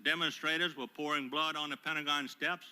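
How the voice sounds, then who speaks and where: An older man, a retired admiral, giving prepared testimony at a hearing in a formal, measured way with frequent hesitant pauses, speaking into a table microphone. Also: on the high side, fairly even intonation, pushed and bright, clean tone. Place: hearing room.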